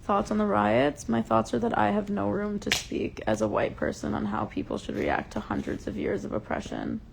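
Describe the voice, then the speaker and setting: A woman's voice: mid-range voice, sing-song, moderate pace, creaky, background noise. A young woman hosting a casual livestream from home, passionately ranting and swearing, openly upset. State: upset and enraged. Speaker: livestream host. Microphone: phone.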